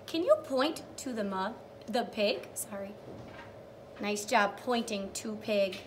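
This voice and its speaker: Sing-song teacher woman, lively pitch. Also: slight background noise. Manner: sing-song, encouraging, praising each step; drawn-out storytelling with animal sounds. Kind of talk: reading a picture book to young children.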